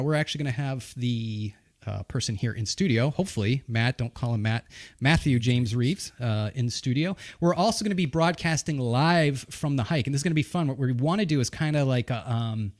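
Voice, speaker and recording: A man's voice: medium pitch, lively intonation, fairly quick. A man with a New England accent hosting a show from a studio, casually running through announcements, rambling and correcting himself as he goes. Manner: rambling, loose, self-correcting, joking. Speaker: podcast host.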